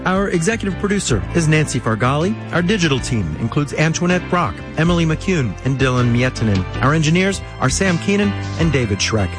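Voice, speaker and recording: Animated male public radio host, music bed beneath his voice. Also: a little high, a little fast, hardly any pauses. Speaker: business news host. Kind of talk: scripted radio sign-off.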